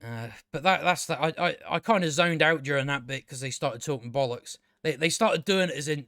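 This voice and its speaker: A man's voice: medium pitch, brisk, few pauses, a bit bright, no echo, clean studio sound. A man giving a casual, exasperated review, swearing freely and restarting his sentences with stammers. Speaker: show reviewer. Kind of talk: casual ranting review commentary.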